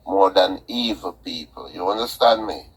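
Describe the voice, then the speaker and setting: A man's voice: low voice, moderate pace, slight background noise, rough recording. A man with a Jamaican accent calling into a talk show, emphatic and repetitive, almost preaching. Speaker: caller. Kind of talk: call-in talk radio chat.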